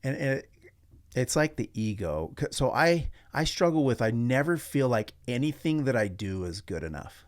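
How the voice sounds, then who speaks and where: A man hosts a podcast in a laid-back, casual way. His voice sits at a middle pitch. He often stops and restarts his sentences. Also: sing-song. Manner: laid-back, many "yeah" backchannels, halting restarts. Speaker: podcast host. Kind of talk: casual conversation.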